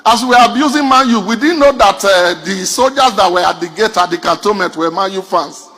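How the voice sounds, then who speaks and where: A man's voice: sits high, fairly quick, bright, forceful tone, husky, soft background music. A Nigerian man performing a stand-up comedy routine. He tells punchy stories straight to the audience. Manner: addresses the audience directly, punchy storytelling.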